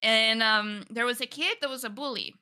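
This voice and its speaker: A woman co-hosting a casual podcast chat, telling stories with plenty of expression. Her voice is bright and forceful, and it sits a little high. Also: moderate pace, smooth. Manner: expressive storyteller, loud outbursts and laughter.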